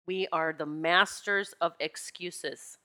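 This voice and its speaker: Woman host, bright and candid, spiritual storyteller, animated and emotional. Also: on the low side, takes it slowly. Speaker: podcast host and retreat leader. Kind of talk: personal spiritual talk to listeners. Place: Pennsylvania home.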